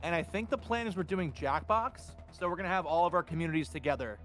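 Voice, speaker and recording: A man's voice: a little high, quick pace, soft background music. A man chatting casually and with lots of jokes alongside a streamer while they game together. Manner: animated, jokey. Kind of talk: casual chat while gaming.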